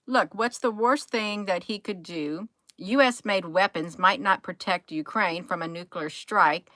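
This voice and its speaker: A woman's voice: on the low side, measured pace, sharp tone, dry recording. A woman hosting a casual livestream, chatting with viewers and scolding a commenter. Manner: chatty, scolding, says "you all" often. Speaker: livestream host.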